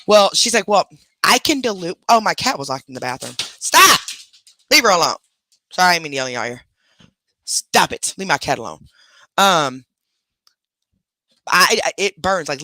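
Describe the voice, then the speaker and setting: A man's voice: a little high, bright, forceful tone, dry recording. Chatty man rambling on a home live stream. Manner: rambling, chatty, talks to pets between stories. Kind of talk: casual live chat. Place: at home in a bedroom, lying in bed.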